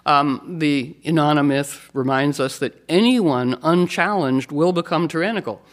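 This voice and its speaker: A man giving an astrology talk to an audience, rambling with many restarts and fillers, his voice jumping up for emphasis. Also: measured pace. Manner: animated, jumps up in pitch for emphasis.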